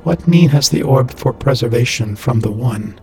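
A man voicing an ancient sentient orb that answers in a flat, oracular manner. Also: medium pitch, moderate pace, creaky, faint music behind.

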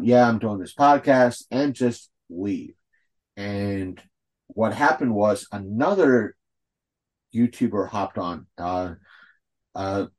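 Slow, rambling man on a podcast. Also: lowish voice, a little mellow. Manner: rambling, heavy with fillers and restarts; blunt, swears freely. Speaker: podcast co-host. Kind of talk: casual chat.

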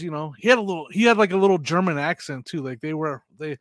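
A middle-aged man co-hosting a podcast, telling rambling anecdotes with quick laughs and acting out the voices of people in his stories. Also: fairly high pitch, lively intonation, fairly bright tone, no room sound. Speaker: podcast co-host. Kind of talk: casual chat, storytelling.

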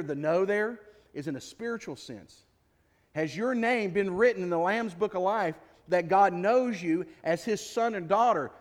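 High-voiced pastor preaching in a hall. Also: male voice. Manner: conversational, jokey, full of rhetorical questions. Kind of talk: sermon. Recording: long reverb of a large hall.

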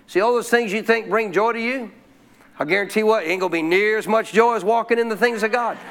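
A man with a high voice preaches a sermon to his church. He keeps calling out questions to the people in the pews, checking that they are still listening. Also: brisk, fairly bright tone. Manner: calls out questions to the congregation. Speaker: pastor.

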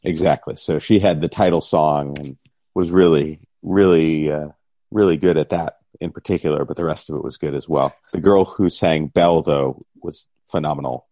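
A man's voice: extremely low pitch, mellow, no room sound. A middle-aged man co-hosting a podcast in easygoing, casual chat with dry humor, on a close mic. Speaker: podcast co-host and game master.

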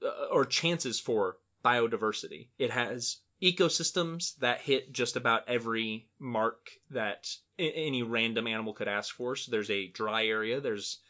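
A man co-hosting an educational podcast, enthusiastic and quick to laugh, often restarting his sentences. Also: medium pitch, pushed and bright. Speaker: podcast co-host. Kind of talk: casual educational chat.

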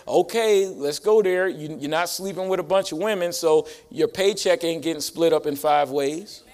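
Man, lively pastor preaching, high-pitched, rising emphasis for the congregation. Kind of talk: sermon. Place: church sanctuary.

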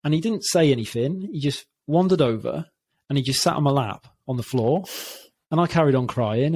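A man's voice: mid-range voice, a little mellow, breathy edge. A man, talking openly and reflectively as an interview guest, often restarting his sentences. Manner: open, reflective, halting with many restarts. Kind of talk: candid interview talk.

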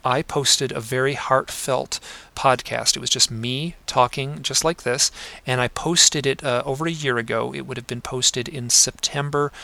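A man guesting on a podcast, telling personal stories in an earnest, reflective way, pausing often with fillers. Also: mid-range voice, fairly even intonation, creaky, pushed and bright. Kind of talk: conversational storytelling. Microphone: home desk microphone.

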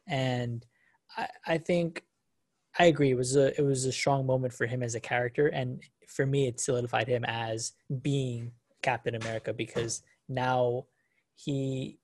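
A man co-hosting a podcast, chatting casually in a relaxed way, often stumbling over the first words of his sentences. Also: medium pitch. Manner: relaxed, with stammered restarts. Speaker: podcast co-host. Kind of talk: casual review chat.

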